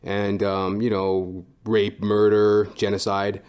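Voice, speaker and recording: A podcast host talks in a rambling, casual monologue, swearing freely and padding his sentences with "like" and "um." His voice sits a little lower than most men's. He sounds loose and unscripted. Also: completely flat delivery, takes it slowly, a little mellow, clear, resonant tone. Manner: profane, rambling, heavy fillers.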